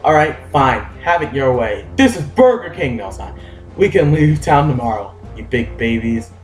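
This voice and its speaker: A man's voice: mid-range voice, sing-song, moderate pace, echoey room, faint music behind, natural voice. A man voicing a young female pirate captain who scolds her crew in curt orders.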